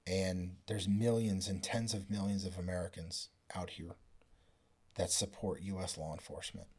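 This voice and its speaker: Earnest low-voiced retired detective. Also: male voice, steady tone, normal speed, a little mellow, husky. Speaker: podcast guest, retired police detective. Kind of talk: casual conversational interview.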